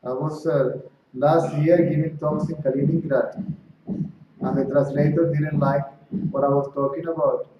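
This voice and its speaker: A man's voice: fairly high pitch, fairly even intonation, measured pace. A man giving a spiritual talk to a small group, speaking conversationally and often checking in with his listeners. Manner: conversational, frequent "right?" and "see?" checks; acts out dialogue in stories. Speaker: spiritual teacher. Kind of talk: satsang talk to a small audience. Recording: distant echoey room, dull lo-fi with faint noise.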